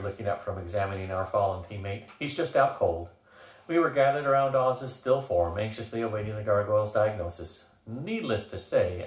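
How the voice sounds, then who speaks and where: An older man reading a novel aloud in an unhurried way, sometimes restarting a phrase. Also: lowish voice. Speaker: reader. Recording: roomy echo.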